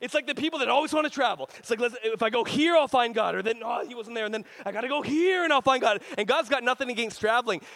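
A male pastor in his thirties preaching with lively, joking energy. He slips into playful put-on voices to tell stories. His voice sits fairly high for a man. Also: fast, creaky, hardly any pauses, rough recording. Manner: animated, jokey, acts out voices and screams. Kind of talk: sermon.

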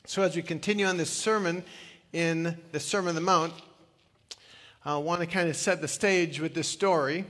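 A man's voice: a little high, fairly even intonation, normal speed, fairly bright tone. An older man, a retired pastor, preaching a sermon in a chatty storytelling way with self-deprecating humor and plenty of "uh" fillers. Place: church sanctuary. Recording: long reverb of a church hall.

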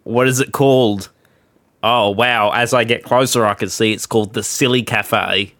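A man's voice: fairly low pitch, fairly even intonation, normal speed, a bit bright. Rambling man narrating comedy improv. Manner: rambling, self-mocking. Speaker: comedy podcast co-host.

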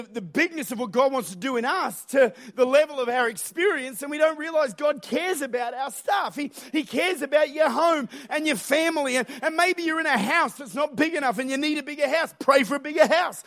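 A man preaching a sermon in a church with an Australian accent, energetic and humorous, rising to shouts at high points. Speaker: pastor. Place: church auditorium.

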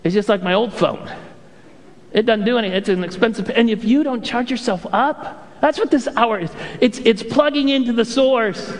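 A male pastor preaching a sermon with animated storytelling and playful impressions. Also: very high voice, moderate pace, big-room sound.

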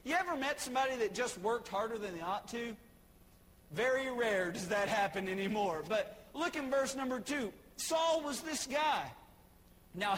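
A man preaching a sermon in a church, swinging between shouted points and quiet, dropped asides. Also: very high-pitched. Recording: long hall reverb, faint noise.

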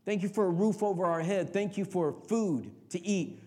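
A middle-aged male pastor preaching a sermon, swinging from quiet talk to shouted, impassioned passages. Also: sits high, moderate pace.

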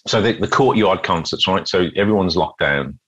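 Male guest, deep and raspy, energetic anecdotal storyteller. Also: moderate pace, lo-fi sound. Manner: lively anecdotal, frequent restarts. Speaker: guest, street musician. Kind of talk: casual interview storytelling.

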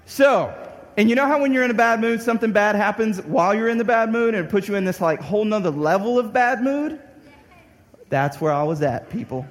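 Animated man preaching in a reverberant hall. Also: sits high, fairly quick. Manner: animated, acts out his own anger with shouts. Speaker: pastor. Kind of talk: storytelling sermon.

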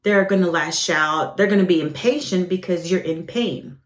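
Animated woman telling a personal story. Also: fairly low pitch, moderate pace, echoey room. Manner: animated storyteller, acts out quoted voices, frequent fillers. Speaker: ministry podcast host.

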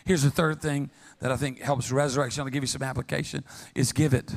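A middle-aged man preaching a sermon as pastor, telling funny stories with lively call-and-response to the congregation. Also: medium pitch, brisk, creaky. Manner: humorous, animated storytelling with call-and-response. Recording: long reverb of a large hall.

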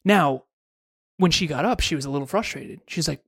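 A man's voice: fairly high pitch, fairly quick, creaky, fairly bright tone, slightly rough, dry recording, clean studio sound. A man co-hosting a podcast, telling a long personal story in a casual chat with frequent restarts. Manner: storytelling, self-correcting restarts. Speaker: podcast co-host.

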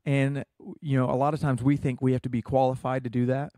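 A man's voice: medium pitch, level tone, a little fast, dark tone, no echo, studio quality. A young American man in a casual interview, earnestly telling a personal story with many fillers. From United States. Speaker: guest.

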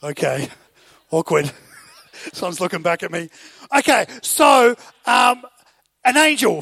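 A man with an Australian accent preaching a sermon, telling the story with animated asides and rhetorical questions to the audience. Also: very high-pitched, measured pace, gravelly, long pauses, no room sound.

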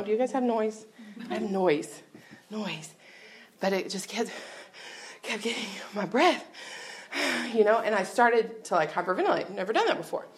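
A woman giving a candid, conversational personal testimony to a church audience. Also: mid-range voice. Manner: conversational, candid, often laughing. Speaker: speaker at a church gathering.

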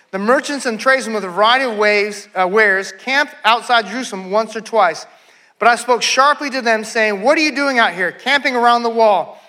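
A man's voice: high voice, pushed and bright. A man preaching a sermon as pastor, reading scripture aloud and breaking in with conversational asides.

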